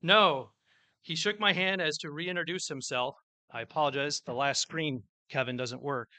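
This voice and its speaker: A man delivers a formal public address as mayor, with a few stumbles along the way. His voice sits a bit high and bright, and it is recorded close and dry. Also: normal speed, no echo. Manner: formal prepared speech with small slips, storytelling. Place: public event with an audience.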